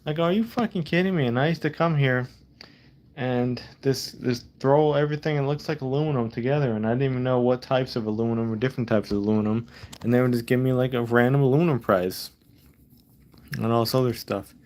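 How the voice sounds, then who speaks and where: A man's voice: medium pitch, fairly even intonation, brisk, darkish tone. A man in a casual vlog monologue, frustrated and profane, rambling and repeating himself. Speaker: vlogger.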